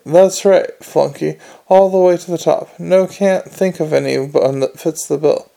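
A man voicing a smooth, scheming male aristocrat who speaks in a polished, wheedling way. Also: a little high, unhurried, dark tone.

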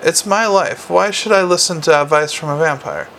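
A man's voice: on the high side, moderate pace, gravelly, fairly bright tone, a little hiss or hum, rough recording. A man voicing a blunt, defensive young werewolf policewoman, clipped in manner.

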